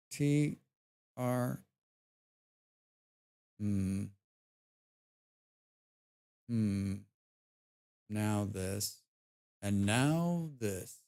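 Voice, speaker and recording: A man's voice: lowish voice, extremely slow, creaky, pauses often, warm tone, clean tone. A man casually commentating his own game stream from home, muttering, humming and swearing as he plays.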